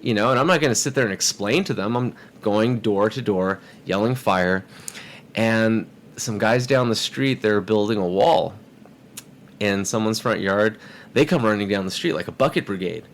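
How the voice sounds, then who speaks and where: A man's voice: lowish voice, moderate pace, a little hiss or hum. A man telling a story in a casual podcast chat, acting out the voices of people in it. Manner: animated, acts out quoted voices. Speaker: podcast guest.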